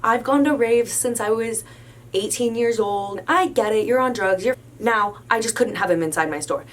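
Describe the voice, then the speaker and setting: Young woman, casual storytime, animated and emphatic, faint background hiss. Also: fairly high pitch, normal speed. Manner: animated, emphatic retelling with many "like"s. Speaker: storyteller recounting a work incident.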